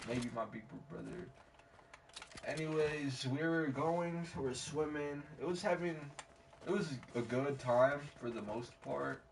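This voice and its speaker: A man's voice: medium pitch, measured pace, creaky. Rambling young man streamer, slangy. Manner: rambling, slangy, laughs at himself, reenacts quotes loudly. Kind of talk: casual storytelling while gaming. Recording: distant mic with faint background noise.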